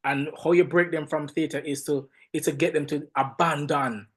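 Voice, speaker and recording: A man with a Jamaican accent, a film director and podcast guest, telling stories in an animated, emphatic way and often repeating words. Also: on the high side, moderate pace, slightly rough. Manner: animated, emphatic storytelling with frequent word repeats. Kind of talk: casual podcast interview.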